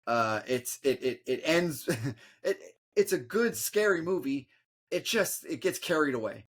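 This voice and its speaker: A man co-hosting a podcast, reviewing a movie casually in a halting way, with frequent fillers and restarts. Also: on the high side, lively intonation. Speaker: podcast co-host.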